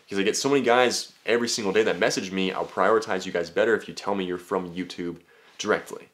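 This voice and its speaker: A young man talking casually as a dating coach, brash and full of swearing, often slipping into high mocking voices. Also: fast talker, fairly bright tone. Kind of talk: casual talking-head monologue.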